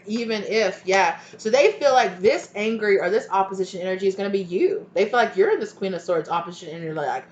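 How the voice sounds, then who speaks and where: A woman's voice: mid-range voice, echoey room, dull audio, slight background noise. A woman giving a casual tarot reading, chatty and loose, often trailing off and restarting her thoughts. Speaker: tarot reader.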